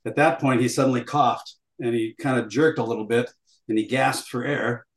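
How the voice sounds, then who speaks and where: A man's voice: medium pitch, steady tone, moderate pace. An older man recounting a story as an interview guest, acting out dialogue as he goes, with frequent fillers. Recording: roomy echo.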